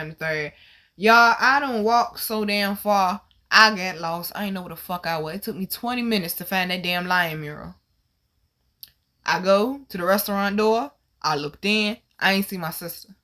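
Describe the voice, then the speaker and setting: Animated, bright-voiced woman storyteller. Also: lowish voice. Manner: animated, profane, swings to loud exclaims. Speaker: host. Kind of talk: casual storytelling monologue.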